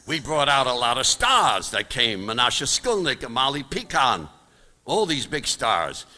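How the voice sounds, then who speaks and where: A man's voice: sing-song, measured pace, bright, forceful tone. An older man from Brooklyn, telling jokes on stage in punchy bursts. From Brooklyn, New York. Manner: punchy joke delivery with big swings of pitch. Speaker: comedian, stage performer. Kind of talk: stand-up storytelling on stage. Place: large high school auditorium. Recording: long reverb of an auditorium.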